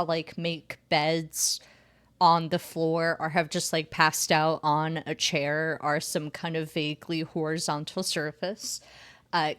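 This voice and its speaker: A woman's voice: on the low side, a bit bright, smooth, no echo. A woman narrating a tabletop game as game master, hesitant with many fillers.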